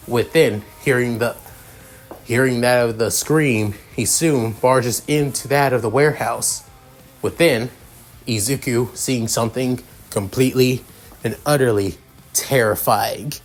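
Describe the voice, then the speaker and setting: A young man narrates a fan story off the cuff, rambling and restarting his sentences often. His voice sits at an ordinary middle pitch for a man.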